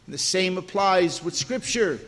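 High-voiced older man preaching in a hall. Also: animated, unhurried, a bit bright. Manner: emphatic, repeats key words, asks the congregation questions. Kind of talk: sermon. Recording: long hall reverb.

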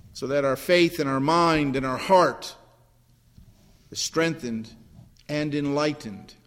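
A male pastor preaching a sermon in a church with a long, ringing reverb. His voice sits a little high for a man. He climbs and presses on his key points and sinks low and soft when he prays. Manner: rises in pitch and force when preaching, drops low in prayer. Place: church sanctuary.

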